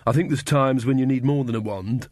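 A timid young witch woman, soft and hesitant yet earnest, as a male narrator puts her on. The voice sits a little higher than his own and sounds dry and close. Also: brisk, no room sound, lightly acted.

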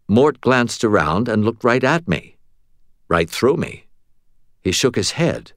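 A man narrating a fantasy novel in the first person, with steady, even storytelling. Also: sits low, a little slow, no room sound, clean studio sound. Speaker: audiobook narrator.

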